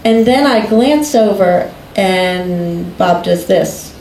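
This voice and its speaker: A woman recounts a personal story at a slow, easy pace, taking her time between phrases. She laughs easily as she talks. The room around her is echoey, with a faint hiss behind. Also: on the low side, darkish tone. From United States. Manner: unhurried, often breaking into laughter. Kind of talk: storytelling in conversation.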